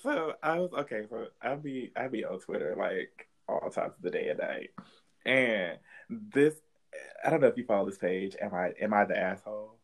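A man co-hosting a casual chat show, telling a story with loud laughter and sudden high-pitched, swearing exclamations. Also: lively intonation, moderate pace, poor audio. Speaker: podcast co-host.

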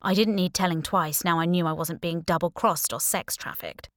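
Audiobook narrator, woman, lower register, dry close sound, deadpan humor. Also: moderate pace, dry recording. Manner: wry, deadpan humor with hushed asides. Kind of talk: first-person audiobook narration.

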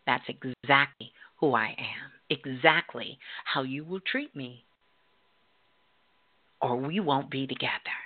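A woman voicing a proud young woman who sees herself as a princess, speaking calmly and firmly, over a tinny phone-like line. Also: on the low side, takes it slowly. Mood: firm, soft. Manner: calm, firm, soft-spoken.

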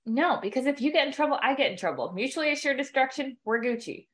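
Woman, tabletop player, playful, animated pitch, slightly high. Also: quick pace.

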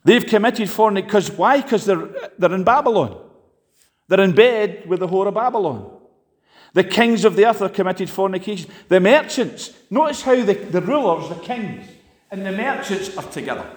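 A man preaching a sermon, impassioned, swinging sharply between loud and quiet. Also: lively intonation, moderate pace. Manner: impassioned, rises and drops sharply in pitch and volume. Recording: long hall reverb.

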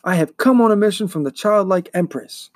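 A man's voice: high-pitched, fairly quick, dry recording, voice pushed up, close to an everyday voice. A man voicing a brave young boy hero in a storybook, speaking in a raised, firm voice.

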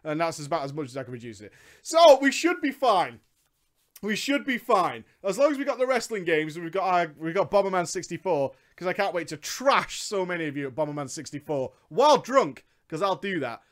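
High-voiced excitable streamer. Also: male voice, quick pace, few pauses. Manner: excitable, swears freely, rants in bursts. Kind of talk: casual live-stream chat.

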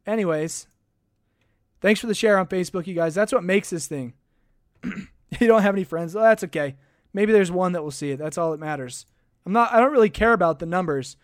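Young male sports podcaster, high voice, dry close mic, chatty and rambling. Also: dry recording. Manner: rambling, chatty, thanks viewers. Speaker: podcast host. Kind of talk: casual sports podcast livestream. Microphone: desk microphone.

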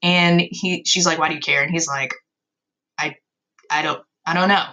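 A woman's voice: low-pitched, steady tone, moderate pace, bright, forceful tone, dull audio. A young woman casually recapping an old story of hers, sarcastic and self-mocking, swearing freely. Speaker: podcast host.

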